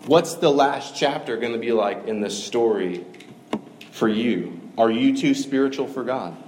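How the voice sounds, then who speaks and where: A man delivers a conversational, earnest sermon full of fillers, his voice medium-pitched, darkish, and a little slow. The recording has a little hiss or hum and comes from an echoey room with faint ambience.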